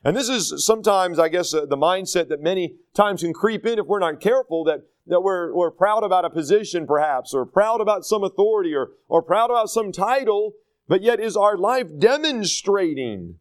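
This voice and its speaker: High-voiced earnest man teaching scripture. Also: animated, normal speed. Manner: earnest, plain-spoken, with many fillers and restarts. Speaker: pastor teaching a Bible study. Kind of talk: conversational Bible teaching.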